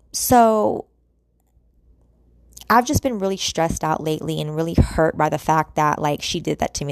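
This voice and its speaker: A woman's voice: deep voice, vocal fry, no echo. A woman vlogging in a casual, rambling way, full of restarts and talk aimed at her viewers. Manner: rambling, many fillers and restarts, addresses viewers as y'all. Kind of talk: casual confessional chat to camera.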